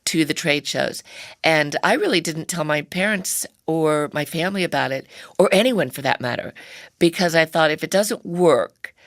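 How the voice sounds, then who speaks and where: A middle-aged woman who founded a handbag company appears as a guest, telling her story in a chatty interview. Her voice sits low and moves at a normal speed, and she laughs often and acts out the voices she quotes. The recording is studio quality with no room sound.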